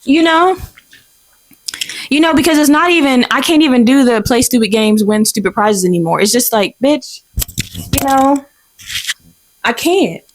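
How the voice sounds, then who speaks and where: A young woman in her twenties hosting a podcast, telling a story in a profane, exasperated, animated way. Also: high-pitched, unhurried, long pauses. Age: 20s. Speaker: podcast host. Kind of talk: casual storytelling rant.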